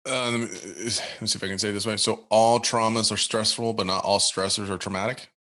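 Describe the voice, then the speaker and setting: A man's voice: fairly low pitch, fairly even intonation, a little fast, pushed and bright. A man hosting a podcast interview, thinking aloud with many restarts and fillers. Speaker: podcast host. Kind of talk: casual interview conversation.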